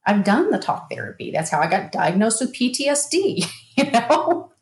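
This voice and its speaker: A woman's voice: mid-range voice, sing-song, fairly quick, creaky, a little hiss or hum. Candid woman in a roomy echo. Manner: frank and emphatic, with bursts of laughter. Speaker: guest, hypnotherapist and mindset coach. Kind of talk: candid personal storytelling in an interview.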